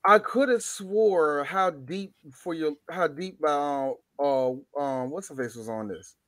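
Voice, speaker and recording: A man hosting a podcast in casual chat, animated, joking and profane. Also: a little high, unhurried, no echo. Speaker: podcast host.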